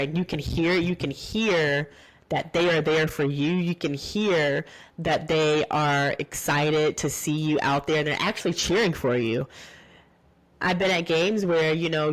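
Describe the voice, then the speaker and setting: A woman hosting a solo podcast, talking casually and warmly with lots of "like"s and restarts. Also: sits low. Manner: chatty and heartfelt, many "like"s and restarts. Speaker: podcast host.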